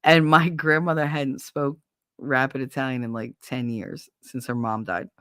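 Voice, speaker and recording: A woman's voice: extremely low pitch, fairly even intonation, normal speed, a bit bright, no echo, studio quality. A woman hosting a livestream, telling blunt, profane anecdotes with frequent laughter in casual chat. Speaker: livestream host.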